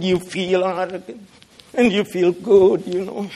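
A middle-aged man preaching a sermon, swinging from loud, pointed rebuke to hushed, quiet asides. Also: high-pitched, fairly even intonation, a little slow. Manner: dramatic, swings from loud rebuke to soft murmurs.

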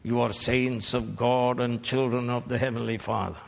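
A man preaching a fiery sermon, rebuking his hearers and bursting into shouted peaks between slow, deliberate lines. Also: mid-range voice, flat delivery, vocal fry. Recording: long hall reverb.

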